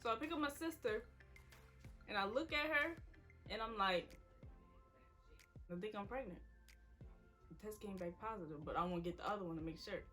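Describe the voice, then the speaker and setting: A woman's voice: mid-range voice, normal speed, long pauses, fairly bright tone, faint music behind. A woman, casually telling an emotional personal story to the camera. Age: 20s. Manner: casual, quoting people in her story. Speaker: vlogger.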